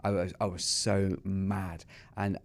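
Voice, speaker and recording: A middle-aged man from England with an English accent speaks in a deep, level voice at a slow pace. As a podcast guest and small business owner, he tells his story candidly and earnestly in an interview, openly confessional and acting out remembered dialogue.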